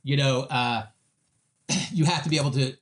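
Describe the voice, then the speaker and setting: A man's voice: medium pitch, moderate pace. A man talking as a sales trainer in a casual interview, telling stories and acting out other people's voices with lots of restarts. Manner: animated storyteller, acts out voices of customers; many fillers and restarts.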